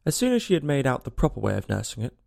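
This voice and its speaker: A man narrating a storybook aloud in an expressive, lilting manner. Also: medium pitch, very fast, vocal fry.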